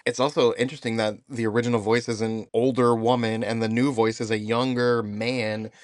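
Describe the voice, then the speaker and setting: A man recounts his weekend on a casual podcast, eager and laughing frequently. His middle-pitched voice moves little in pitch and runs a little fast, recorded dry and close with no room sound.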